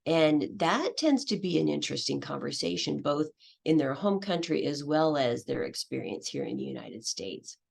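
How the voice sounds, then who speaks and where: A woman's voice: low voice, sing-song, moderate pace, creaky, darkish tone, slightly rough. A woman giving a conference presentation on teaching, explaining step by step and acting out what her students say. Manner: explanatory, acts out student voices.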